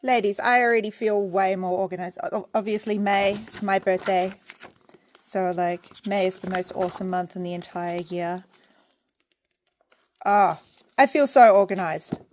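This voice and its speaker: A young woman with an Australian accent, chatting excitedly while unboxing her small business order at home. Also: mid-range voice, a little slow, a little hiss or hum. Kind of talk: casual unboxing vlog. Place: home indoors, rain and roosters outside.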